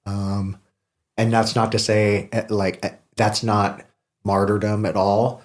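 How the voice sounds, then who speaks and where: A middle-aged man with a deep, low-pitched voice talks openly on a podcast. He is candid and self-deprecating, owning his faults and dropping swear words in casual conversation. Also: flat delivery, takes it slowly. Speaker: podcast host.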